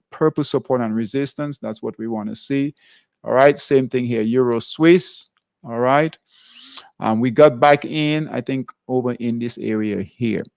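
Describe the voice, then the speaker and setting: A man teaching a live trading class, working through charts slowly with long pauses. His voice has a gravelly fry, and the sound is dry and close with little room. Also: mid-range voice, darkish tone, no room sound. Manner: halting, repeats "all right" between currency pairs. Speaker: trading show host.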